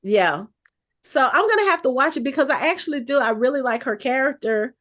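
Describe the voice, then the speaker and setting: A woman co-hosting a podcast, casually recapping an episode with animated, chatty storytelling. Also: sits high, fairly quick. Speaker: podcast co-host.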